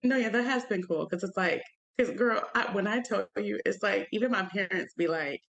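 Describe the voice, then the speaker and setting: Podcast co-host, young woman, gravelly fry in her voice, chatty, animated storyteller. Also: mid-range voice, moderate pace, highs cut off. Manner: animated storyteller, acts out quoted people in shifting voices. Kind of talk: casual chat.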